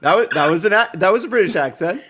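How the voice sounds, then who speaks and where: A man chatting on an online panel, teasing the others in a slow, easy way. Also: sits high, lively intonation, noisy background. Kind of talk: casual panel chat.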